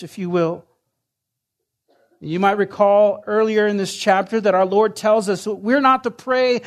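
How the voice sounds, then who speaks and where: A man preaching a sermon in an earnest way, rising in force and then sinking to hushed lines. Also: high voice. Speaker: pastor.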